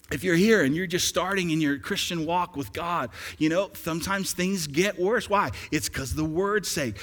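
A man's voice: on the high side, fairly bright tone. A man preaching a sermon as pastor, putting questions to his congregation and building to emphatic peaks. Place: church sanctuary. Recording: long reverb of a large hall.

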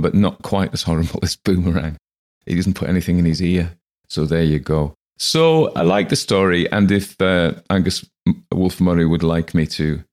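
A man's voice: low voice, creaky, darkish tone. A man hosting a podcast, talking through a story he read in a rambling, reflective way, with many fillers and restarts. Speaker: podcast host. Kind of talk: casual spoken commentary on a story.

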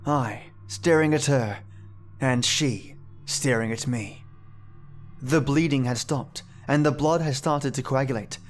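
A man reading a first-person horror story aloud in a measured, somber way. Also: medium pitch. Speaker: narrator. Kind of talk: scripted horror narration. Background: faint music.

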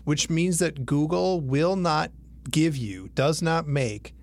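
A man's voice: fairly high pitch, slow, vocal fry, darkish tone. A man co-hosting a tech podcast, explaining things loosely in casual chat. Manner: explanatory, loose, with fillers and restarts. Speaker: podcast co-host.

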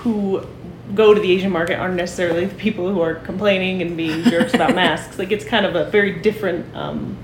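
Host's daughter chiming in, teasing and dry, echoey room, a bit of noise. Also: female voice, fairly low pitch, fairly even intonation, fast. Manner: teasing, wry. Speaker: host's daughter, guest on podcast. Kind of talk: casual chat.

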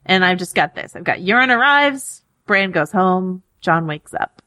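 A woman's voice: lowish voice, lively intonation, measured pace, pushed and bright, no room sound, studio quality. A woman co-hosting a casual TV podcast, chatty and upbeat, laughing often between points. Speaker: podcast co-host. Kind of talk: casual pop-culture podcast chat.

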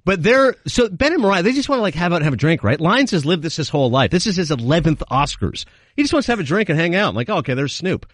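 A man chatting on a podcast, his voice rising and falling a lot as he races through a story. It sits fairly high for a man. The sound is close and dry. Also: no room sound. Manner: animated, quick anecdotes with acted quotes. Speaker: guest. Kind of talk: casual chat, storytelling.

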